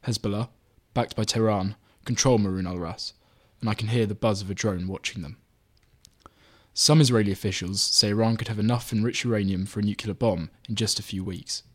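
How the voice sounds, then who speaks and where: A man reading his own magazine article aloud in measured, even scripted narration. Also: on the low side.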